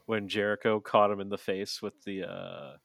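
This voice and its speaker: A man's voice: lowish voice, little pitch movement, normal speed, vocal fry, a bit bright, no room sound. A man co-hosting a podcast in casual chat, swearing freely and rambling with lots of fillers. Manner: profane, rambling with many fillers. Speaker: podcast co-host.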